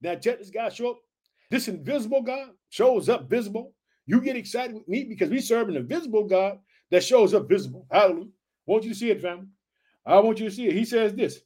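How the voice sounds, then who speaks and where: Male preacher, high-pitched, fiery exclamatory sermon delivery with repeated rallying calls. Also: lively intonation, quick pace, darkish tone, husky. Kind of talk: fiery sermon with scripture reading.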